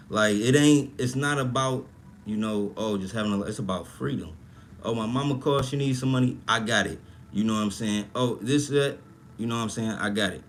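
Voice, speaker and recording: A young man holds forth on a casual livestream, rambling and swearing, and breaking off to answer comments from his viewers. His voice sits at an ordinary pitch for a man. A faint hiss of background noise runs under the recording. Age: young adult. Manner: animated, profane, rambling, reacting to chat comments. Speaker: livestream host. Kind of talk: casual livestream talk about money.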